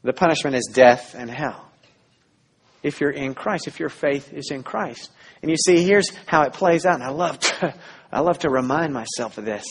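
A man preaching a sermon as pastor, earnest, dropping to a hush and then rising loud again. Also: fairly high pitch, normal speed, breathy edge. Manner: earnest preaching, swinging between hushed and loud.

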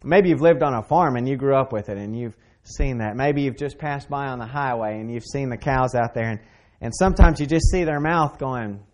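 Man, pastor preaching, earnest, emphatic, repeats phrases, loud then soft. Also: mid-range voice. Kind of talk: sermon.

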